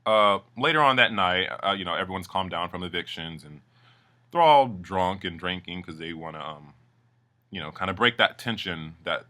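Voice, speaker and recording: A man's voice: deep voice, bright, forceful tone. A man casually recapping a reality show, chatty and gossipy, swearing freely. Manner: chatty, gossipy, lots of fillers.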